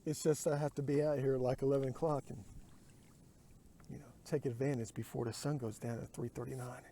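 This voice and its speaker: Man rambling softly from a kayak. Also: mid-range voice, little pitch movement, a little fast, slight background noise. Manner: muses aloud, drifting to murmurs and whispers. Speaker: vlogger. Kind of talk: rambling outdoor vlog. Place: outdoors on a lake, in a kayak. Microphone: phone.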